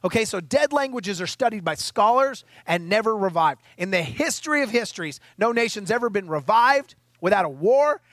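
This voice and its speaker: A man's voice: high voice, animated, normal speed, hardly any pauses, fairly bright tone, no echo. A middle-aged man preaching a sermon as pastor, emphatic and conversational with rhetorical questions, at times tearful and choked up.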